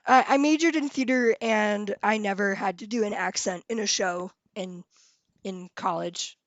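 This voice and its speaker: A woman's voice: mid-range voice, normal speed, no echo, highs cut off. A woman hosting a live stream, chatting casually and giggling as she reads viewers' comments.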